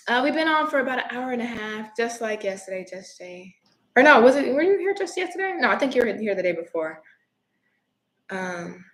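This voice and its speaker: On a livestream, a woman gives a casual, chatty tarot reading, speaking bluntly and laughing easily. Her voice is medium in pitch and a bit bright. The room sounds echoey, with faint noise.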